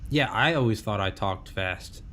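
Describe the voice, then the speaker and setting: Rambling, joking podcast host from New England. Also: male voice, fairly low pitch, expressive, normal speed, fairly bright tone. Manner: rambling, joking, swears freely. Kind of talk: casual conversational interview. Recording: faint background noise.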